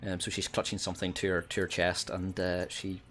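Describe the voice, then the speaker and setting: A man's voice: sits low, monotone, a little fast, fairly bright tone. A man narrating as game master of a tabletop game, hesitant, full of ums and restarts.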